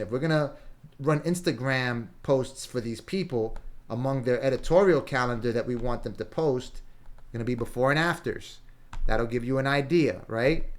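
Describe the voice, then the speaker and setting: Casual man coaching through a screen-share. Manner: casual, punchy, peppered with "right?" and "boom"; thinks aloud while browsing. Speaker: business coach.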